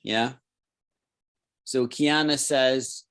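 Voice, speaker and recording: A middle-aged man with a Scottish accent teaches an online English class at a steady middle pitch. He explains patiently and repeats key phrases. He keeps checking that his students follow him. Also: measured pace, pauses often. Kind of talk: live online English lesson.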